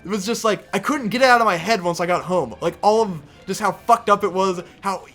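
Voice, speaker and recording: High-voiced young man ranting. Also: brisk, faint music behind. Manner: heavy swearing, animated and exasperated. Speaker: podcast co-host. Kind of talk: casual storytelling rant.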